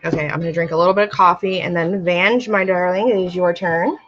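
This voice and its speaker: A woman's voice: lowish voice, steady tone, fast talker, muffled recording, faint music behind. A woman hosting a casual live-stream oracle card reading, calling her viewers my dear and my love while fighting allergies. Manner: warm-hearted, calls viewers my dear and my love. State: itchy eyes and sneezing from allergies. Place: home, live video stream.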